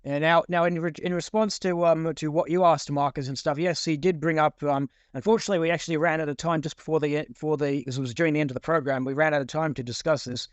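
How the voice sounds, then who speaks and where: Rambling man with a slightly high voice, casual talk, dry sound. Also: fairly even intonation, fast talker, few pauses, no echo, dull audio. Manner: rambling, repeats words, reads out quotes. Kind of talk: casual discussion.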